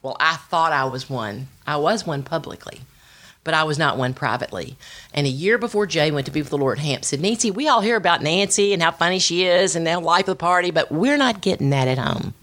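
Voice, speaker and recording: A middle-aged woman, giving a personal testimony and telling it with animated storytelling, acting out family voices. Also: low voice, fairly quick. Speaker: speaker sharing her testimony.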